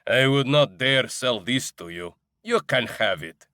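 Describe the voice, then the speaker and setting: A man's voice: medium pitch, lively intonation, a little slow, bright, forceful tone, dry recording, studio quality. A man voicing a burly, superstitious male ice cream vendor in his forties with a Russian accent and broken English, in an audiobook. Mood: earnest. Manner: broken English, earnest, fatalistic. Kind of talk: audiobook character voice.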